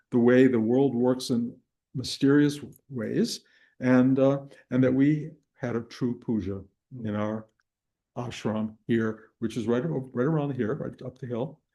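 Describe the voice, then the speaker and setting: An older man leads a spiritual class, his voice mellow and low in brightness. He tells stories in a meandering way, restarting phrases and chuckling along. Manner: rambling storytelling with restarts and chuckles. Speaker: spiritual teacher. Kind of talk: dharma talk to a live and online group.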